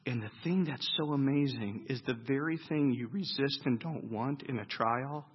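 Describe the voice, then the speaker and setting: A man preaching a sermon, asking his listeners questions and answering them, swinging between loud emphasis and hushed, low lines. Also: moderate pace, husky, highs cut off.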